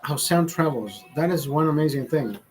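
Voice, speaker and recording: A man's voice: fairly high pitch, expressive, normal speed, a little mellow, a little hiss or hum, poor audio. A man, a father, hosting a show from a studio, telling stories in a loose, profane, rambling way with lots of restarts. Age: adult, father. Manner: profane, restarts often, storytelling. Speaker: show host. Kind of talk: casual rambling chat.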